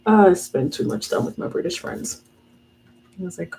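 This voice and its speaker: A woman's voice: fairly low pitch, normal speed, creaky, pauses often, dark tone, slight background noise, poor audio. A woman in her thirties chatting casually while she draws and paints, musing aloud and talking herself through each step. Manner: chatty, talks to herself as she works, laughs often. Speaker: art vlogger.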